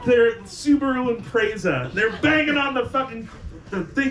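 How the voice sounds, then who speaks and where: A man doing a stand-up comedy set, telling a profane, animated story and acting out the people in it. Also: very high voice, a little slow. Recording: echoey room, far from the mic, noisy.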